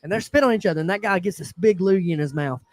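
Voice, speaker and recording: Fast, high-voiced young man telling a story. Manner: animated, acts out quotes, teasing. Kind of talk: casual storytelling at a watch party.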